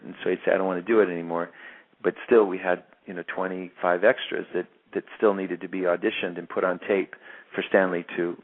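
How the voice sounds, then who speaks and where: A man in his fifties tells a long story in an interview, his voice very low and gravelly. He restarts and repeats words often as he searches for the phrase. The sound is thin and narrow, like a phone line. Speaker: actor being interviewed.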